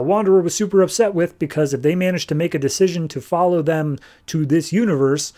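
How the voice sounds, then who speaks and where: A man with a mid-range voice hosting a podcast, talking through comic book plots in a loose, conversational way. He keeps slipping into quick, offhand paraphrases of what the characters say, peppered with "like.". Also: medium pitch, warm tone. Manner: loose retelling full of "like" and quick paraphrased dialogue. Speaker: podcast host. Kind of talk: casual comic book recap.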